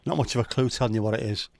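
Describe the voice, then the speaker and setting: A man hosts a relaxed live stream and keeps up a jokey, chatty patter as he greets viewers one by one. His voice sits at a middle pitch. The sound is dry and close, with no room echo. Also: brisk, creaky. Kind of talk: casual watch-along chat.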